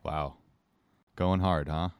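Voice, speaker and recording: A man co-hosting a podcast in casual chat, rambling along with deadpan, crude jokes. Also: a bass voice, slow, clean tone, no echo, clean studio sound. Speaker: podcast co-host.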